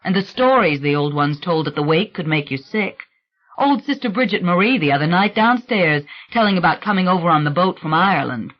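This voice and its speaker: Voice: mid-range voice, expressive, fairly quick, close to an everyday voice. Reader doing a gossiping husband, wry storyteller tone, muffled lo-fi sound. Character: gossiping husband telling funeral tales.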